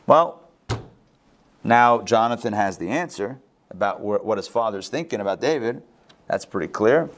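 A man teaching a Bible class. He reads verses aloud and breaks in with casual commentary, full of restarts and quick asides. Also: fairly low pitch, expressive.

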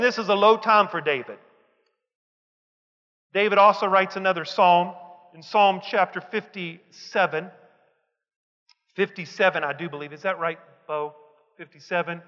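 A man preaching a sermon, reading psalms aloud slowly and emphatically and building to fervent shouts. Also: high voice. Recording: dull lo-fi recording with long hall reverb.

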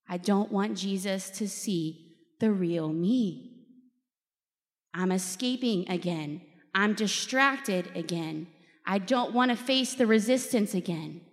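Woman speaker giving a faith talk in a big reverby hall, candid and emotional, laughs a lot. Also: mid-range voice. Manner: candid and emotional, laughs often, quotes people in lively voices. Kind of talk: personal faith talk to a live group.

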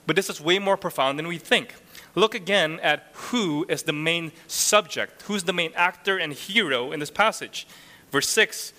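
Bright-voiced preacher in a reverberant hall. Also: male voice, a little high, moderate pace. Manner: earnest, rhetorical, frequent "right?" tags. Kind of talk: sermon.

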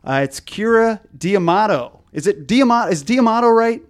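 Slightly high-voiced male podcast host. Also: expressive, normal speed. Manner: hesitant, many fillers and restarts. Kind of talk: casual podcast chat.

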